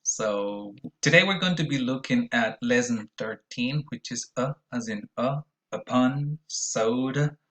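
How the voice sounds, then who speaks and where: A man's voice: medium pitch, a little slow, hardly any pauses, a bit bright. Patient man teaching pronunciation. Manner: explanatory, patient, models sounds aloud. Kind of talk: recorded video lecture.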